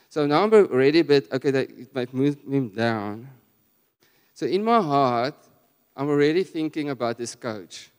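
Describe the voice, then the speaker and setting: A man with a South African accent preaching a sermon, telling a personal story in an animated, conversational way with frequent restarts. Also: medium pitch, clean tone. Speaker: guest preacher. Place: church hall. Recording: long church hall reverb.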